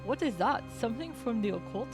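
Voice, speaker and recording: A woman's voice: fairly high pitch, lively intonation, fairly quick, over music, natural voice. Woman reading a pompous male teacher. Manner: pompous, formal. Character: proud, egotistical male teacher reading game text.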